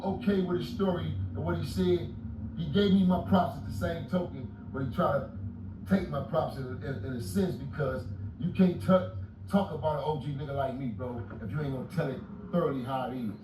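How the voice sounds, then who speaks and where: High-voiced man in his forties, loud and animated, recorded far off in an echoey, noisy room. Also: a little fast. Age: 40s. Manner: loud, profane, animated retelling with shouted outbursts. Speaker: guest telling prison stories. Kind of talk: storytelling interview. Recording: roomy echo, distant mic, audible noise.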